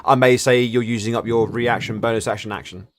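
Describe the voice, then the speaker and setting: A man running a tabletop game as game master, explaining quickly and often stumbling over repeated words. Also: mid-range voice, fairly even intonation, crowd noise.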